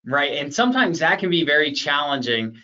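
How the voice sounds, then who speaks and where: A man's voice: fairly high pitch, big pitch swings, a little fast, bright, forceful tone, muffled recording. A man hosting a conversational interview, asking open questions and sounding reassuring. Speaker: interview host, Medicare advisor.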